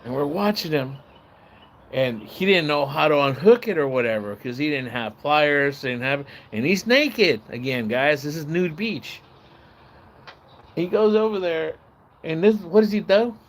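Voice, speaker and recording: A man livestreaming, telling a long casual story in a rambling, profane way and acting out the shouts and voices of the people in it. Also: fairly high pitch, animated, a little slow, slight background noise. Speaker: live streamer. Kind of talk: casual storytelling on a live stream.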